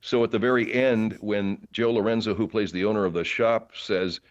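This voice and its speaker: A man with a fairly low voice tells rambling stories as a podcast guest. He jumps between asides and restarts himself often. The recording sounds dull and a little lo-fi. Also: normal speed. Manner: rambling, animated anecdotes with many fillers and restarts. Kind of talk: casual interview storytelling.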